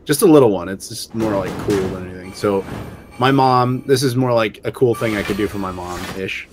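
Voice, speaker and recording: Background noise sits behind this show regular's lowish, brisk voice. He's chatting casually on a game stream, easygoing and rambling, with fillers scattered all through his stories.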